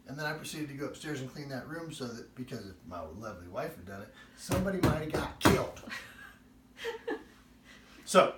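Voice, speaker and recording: Lively storytelling man, echoey kitchen. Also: mid-range voice, moderate pace, slight background noise. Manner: animated comic storyteller. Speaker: cooking show host. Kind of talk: cooking demo with anecdote. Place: home kitchen. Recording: echoey, distant room sound.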